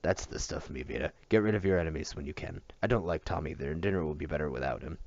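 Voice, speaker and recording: Brief: a very old, commanding patriarch with a dry, gravelly growl, as a male reader puts him on. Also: a bass voice, quick pace, a little mellow, dry recording, muffled recording. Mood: gloating. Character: ancient, domineering old man patriarch.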